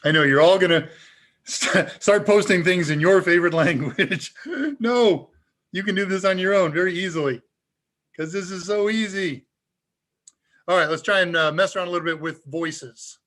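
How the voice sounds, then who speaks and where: A man hosting a live tech Q&A, talking casually and chuckling as he demonstrates software. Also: high voice, moderate pace. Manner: casual and upbeat, chuckles often. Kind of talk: live demo talk.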